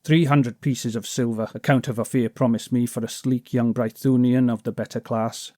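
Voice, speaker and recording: A man reading an audiobook, voicing a fat, boastful male kidnapper who talks loudly and mocks his listener. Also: medium pitch, fairly even intonation, normal speed, no room sound, clean studio sound, lightly acted. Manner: blustering, mocking, self-important.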